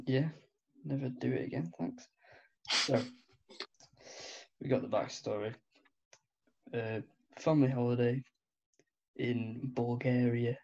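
A young man co-hosting a podcast, telling a story in a slow, low-key and hesitant way. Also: steady tone, gravelly, darkish tone, highs cut off. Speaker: podcast co-host. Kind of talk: casual storytelling chat.

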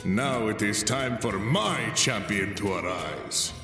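A man voicing a male tribal leader who shouts drawn-out announcements to a crowd. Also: on the low side, animated, reverberant, long reverb tail, far from the mic, soft background music, full character voice. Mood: proclaiming. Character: male tribal leader presiding over a fight.

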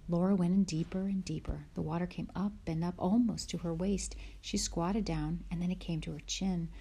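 A woman reading a children's book aloud, gentle, dropping to a whisper in tense moments. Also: lowish voice, steady tone, normal speed, hardly any pauses, a little hiss or hum. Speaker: narrator.

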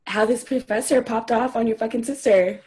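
A woman's voice: a little high, brisk, a little mellow. A young woman co-hosting a casual podcast, blunt and profane in her reactions. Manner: blunt, profane, laughs along. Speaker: podcast co-host.

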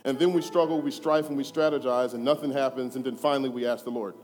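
Candid young preacher in a reverberant sanctuary. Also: male voice, mid-range voice, fairly even intonation, quick pace, a little mellow. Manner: candid, conversational, rising to fervent. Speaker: guest preacher. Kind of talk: sermon. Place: church sanctuary. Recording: hall reverb, faint music.

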